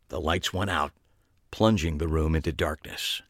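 A man's voice: rumbling low, steady tone, normal speed. A man who co-hosts a podcast, reading a first-person story aloud with dry, wry delivery. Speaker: podcast co-host and story reader.

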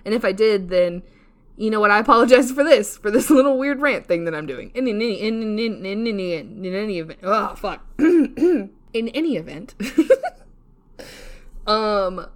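A woman's voice: mid-range voice, expressive, moderate pace. Young woman podcast cohost, rambly and giggly, swears a lot, talks down on herself, casual chatty vibe. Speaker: podcast co-host. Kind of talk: casual solo podcast rant.

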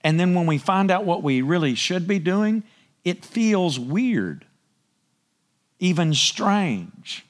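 Lively, conversational male pastor. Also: high voice, slow. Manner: conversational, asks the congregation for agreement; clears throat often. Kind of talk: sermon.

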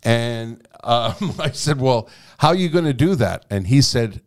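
A man spins a long personal anecdote in a relaxed, conversational way. His pitch swings widely as he slips into the voices of the people in the story, and he swears freely and laughs along the way. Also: measured pace. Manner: animated, acts out dialogue with swearing and laughter. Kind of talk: casual anecdote telling.

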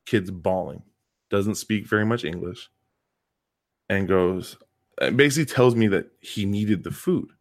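A man's voice: low-pitched, unhurried, pauses often. A man, a coach and PE teacher co-hosting a podcast, telling a story in casual chat and leaning hard on repeated words for emphasis.

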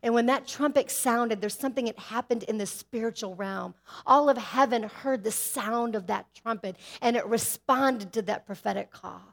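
A woman's voice: on the high side, moderate pace, gravelly. A woman preaching a sermon with emphatic, rising exhortations.

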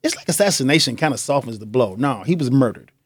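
A man's voice: mid-range voice, animated, quick pace, slightly rough, no room sound, clean studio sound. A young man hosting a podcast, talking in a loose, joking monologue and laughing often. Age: young adult. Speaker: podcast host. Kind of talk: casual monologue.

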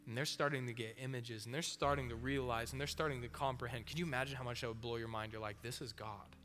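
Male preacher, casual and animated storyteller, bright forceful voice, long hall echo. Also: mid-range voice, a little fast, long pauses. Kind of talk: sermon. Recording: long hall reverb with faint music.

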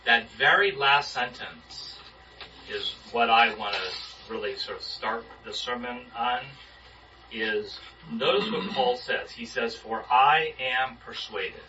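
A man's voice: mid-range voice, takes it slowly, sharp tone, soft background music. A man leading an informal sermon discussion with a small group, talking casually and putting questions to them. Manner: conversational, asks the group questions. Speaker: Bible study leader. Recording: muffled distant room recording.

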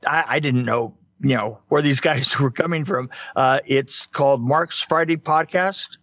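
A man's voice: medium pitch, a bit bright, no room sound, studio quality. A man in casual chat, telling stories with frequent ums, repeats and easy laughter. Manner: laughs easily, halting with "um" and repeats.

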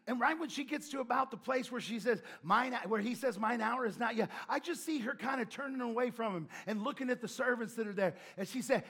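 High-voiced husky male preacher. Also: fairly quick, few pauses. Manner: animated storytelling with shouted emphasis and laughs. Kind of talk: sermon.

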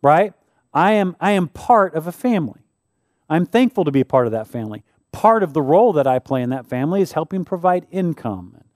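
Pastor guy giving a sermon, kinda high voice, dry close sound, chatty with lots of "right?". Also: darkish tone, dry recording. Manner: conversational preaching, rhetorical questions. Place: church.

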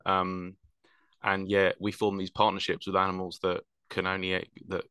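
A man's voice: low-pitched, monotone, normal speed, bright, forceful tone, smooth, no room sound. A man explaining wildlife at length in casual chat, rambling with fillers and self-corrections.

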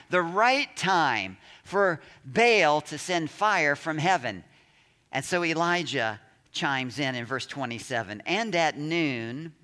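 Male pastor, dramatic sermon delivery, lively and unhurried, bright tone, echoing sanctuary. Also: a little high. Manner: dramatic, reads scripture aloud and acts out shouts.

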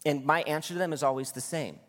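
A man preaching a sermon as pastor, earnest and exhorting in quick bursts. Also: on the high side, fairly bright tone, long reverb tail.

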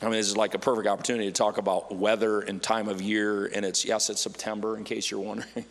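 A man preaching a lively, playful sermon to a church congregation, acting out worried voices for laughs. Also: fairly low pitch, quick pace. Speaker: pastor. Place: church sanctuary. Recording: church hall with long reverb.

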